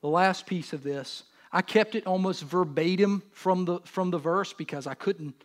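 A man in his thirties preaching a sermon in church, earnest and animated as he speaks directly to the congregation. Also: sits high, moderate pace. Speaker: pastor.

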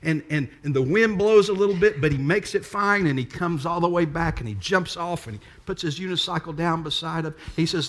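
A man's voice: high voice, normal speed. A man preaching a sermon, full of rhetorical questions to the congregation. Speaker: pastor.

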